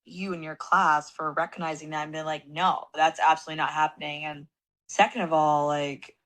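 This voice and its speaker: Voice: medium pitch, flat delivery, brisk, a bit bright, poor audio. A podcast host reacts bluntly, swears, and asks the guest follow-up questions in a casual chat.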